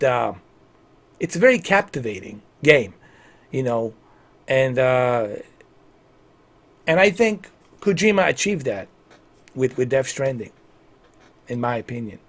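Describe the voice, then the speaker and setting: A man's voice: medium pitch, animated, slow pace, pauses often. A man in his forties chatting casually on a gaming livestream, rambling, repeating himself and giving earnest opinions. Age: 40s. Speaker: livestream gamer.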